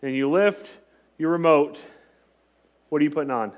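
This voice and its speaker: Chatty, joking pastor with a higher voice. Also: male voice, normal speed, lo-fi sound. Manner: chatty, joking, self-interrupting. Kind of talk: conversational sermon.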